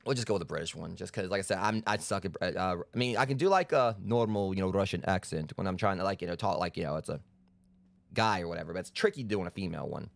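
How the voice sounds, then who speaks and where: A man's voice: low voice, fast, gravelly, dry recording. A man giving rambling, self-deprecating let's-play commentary as a game streamer, full of fillers and restarts.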